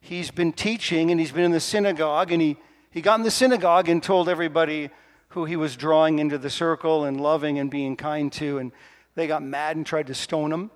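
A man preaching a sermon in a lively, playful, conversational way to his congregation. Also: fairly high pitch, brisk. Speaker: pastor. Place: church sanctuary. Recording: long reverb of a church hall.

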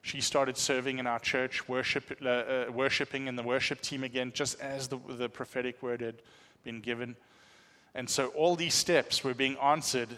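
Brief: male pastor, bright tone, animated storytelling, echoing church hall. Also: mid-range voice. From South Africa. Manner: animated storytelling, self-deprecating humor. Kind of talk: sermon testimony.

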